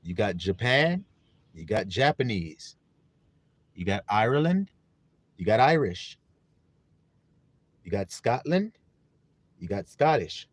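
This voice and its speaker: A man's voice: lowish voice, sing-song, takes it slowly, long pauses, dry recording. A man preaching a sermon on a live stream, emphatic and often asking listeners whether they understand. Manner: emphatic, repeats questions to listeners; greets viewers in chat. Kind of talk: livestream sermon.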